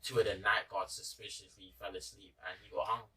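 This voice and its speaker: A man's voice: on the low side, flat delivery, fairly quick, bright, forceful tone, breathy edge, distant mic, poor audio. A man with a London accent, chatting casually as a podcast host, rambling and dropping in "innit".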